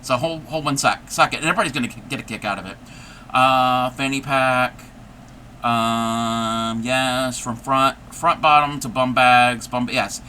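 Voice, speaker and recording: A man's voice: mid-range voice, fairly even intonation, a little slow, bright, forceful tone, slight background noise. A man hosting a casual crochet livestream, rambling and chatty, laughing often as he talks. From United States. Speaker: livestream host.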